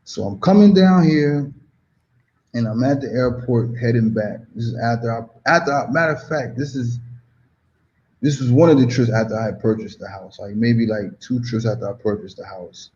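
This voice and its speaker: A man from the United States, a guest telling a story in a casual, animated, slang-heavy way, often saying "you know what I mean.". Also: mid-range voice, moderate pace, lo-fi sound, a little hiss or hum.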